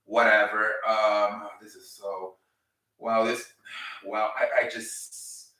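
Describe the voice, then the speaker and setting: A low-voiced man talks off the cuff and rambles, swearing and sighing as his frustration builds. He sits back from the mic in a room with a lot of echo. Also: little pitch movement, slow, pushed and bright, far from the mic. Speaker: host. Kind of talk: casual improvised recap.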